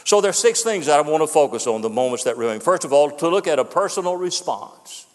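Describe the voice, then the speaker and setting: An older man preaches in a church, his slightly high voice carrying a long hall reverb. He speaks earnestly and emphatically, circling back on key words. The delivery is a pastor's steady pulpit style. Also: fast talker. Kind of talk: farewell sermon. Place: church sanctuary.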